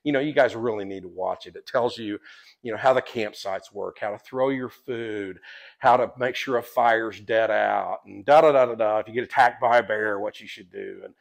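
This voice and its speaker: Speaking at a moderate pace in a lowish voice with vocal fry, a man who guides visitors and writes a guidebook rambles through stories on a casual podcast. His storytelling is chatty and frequently interrupted by his own laughter.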